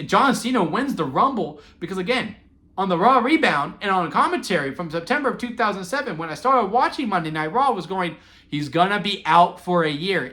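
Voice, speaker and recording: A man in his twenties telling wrestling memories in a casual, sentimental vlog, excitable and full of fillers and restarts. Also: high-pitched, a little fast. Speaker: wrestling vlogger. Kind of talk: casual rambling storytelling.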